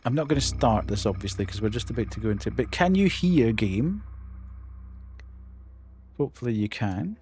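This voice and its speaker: A man's voice: mid-range voice, lively intonation, moderate pace, long pauses, a little mellow, slight background noise. A man streaming a horror game live, chatting casually with his viewers and laughing often. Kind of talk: live gameplay commentary.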